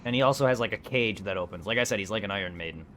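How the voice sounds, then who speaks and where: A young man streaming a game, chatting casually in a rambling, excitable way and swearing a lot. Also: fairly low pitch, very fast, a little hiss or hum. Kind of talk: casual gameplay commentary.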